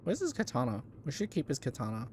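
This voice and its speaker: A woman's voice: a bass voice, wildly swooping pitch, fast, very noisy. A young woman streamer chatting casually over gameplay, laughing often and trailing off into fillers. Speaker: let's-play streamer. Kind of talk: casual gameplay commentary and reading game lines aloud. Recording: music playing under the voice.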